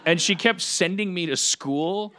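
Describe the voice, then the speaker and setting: A man's voice: high voice, measured pace, pushed and bright. A man telling a long story on a podcast in casual chat, rambling with many stammered restarts and laughing as he goes. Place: live podcast stage.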